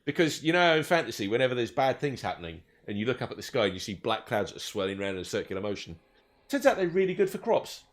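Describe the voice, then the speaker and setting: A man's voice: medium pitch, very animated, fast. A man running a tabletop game as game master, joking around and laughing often.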